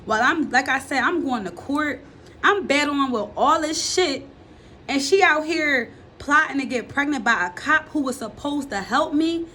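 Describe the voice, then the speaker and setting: A woman's voice: sits high, expressive, normal speed, pushed and bright, a little hiss or hum. A young woman telling her own life story to her viewers in a candid, blunt, profane way, speaking straight to them. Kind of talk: candid confessional storytelling to camera.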